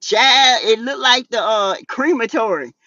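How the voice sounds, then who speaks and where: A Southern woman hosting a casual gossip show, sassy and animated, laughing often as she reads out chat messages. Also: fairly high pitch, unhurried, no echo, lo-fi sound. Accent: Southern US, South Carolina. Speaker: YouTube talk show host. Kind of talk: casual gossip commentary reading live chat.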